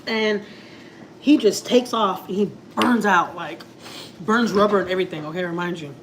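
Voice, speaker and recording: A woman's voice: medium pitch, normal speed, background noise. Rambling, confiding woman vlogger. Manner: rambling, heavy use of filler words like "like" and "you know"; emotional, confiding. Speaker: family vlogger. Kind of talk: casual storytelling to camera.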